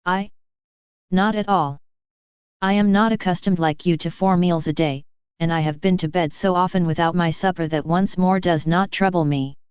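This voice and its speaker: A woman's voice: on the low side, fairly even intonation, moderate pace, darkish tone, clean tone, no room sound, lightly acted. A woman reading a brave young peasant girl. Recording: slightly dull, dry recording.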